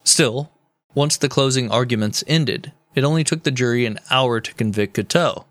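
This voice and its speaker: A man's voice: medium pitch, moderate pace, a bit bright, no room sound. Dry-voiced joking podcast host, a man. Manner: joking, mock-serious storytelling with swearing. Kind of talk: casual comedic history podcast.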